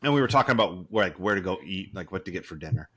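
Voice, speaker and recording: Deep-voiced and fast, with a breathy edge, a man co-hosts a podcast in relaxed chat. He tells stories with lots of energy and acts out the quotes.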